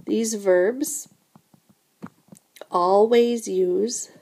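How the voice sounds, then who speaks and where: A woman teaching a recorded French lesson, explaining grammar slowly and patiently, often repeating "remember" and "so again". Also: medium pitch, steady tone, a little mellow.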